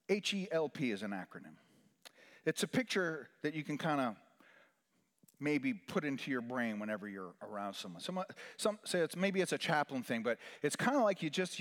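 A chaplain preaches a sermon at a moderate pace in a church sanctuary, his voice carrying a long reverb through the hall. He is lively and animated, rising loud and high for emphasis, then sinking into hushed, almost whispered lines.

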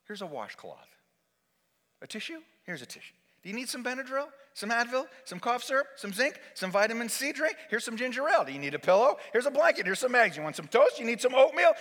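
Bossy fussing wife in nurse mode, put on by a male comic, high and insistent, echoing in a big hall. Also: huge pitch swings, sharp tone, heavily acted. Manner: insistent, rapid-fire fussing. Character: fussy overbearing wife playing nurse.

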